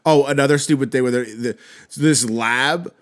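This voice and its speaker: A man's voice: medium pitch, normal speed. A man hosting a solo film-review podcast, ranting with constant swearing, exasperated and rambling with frequent restarts.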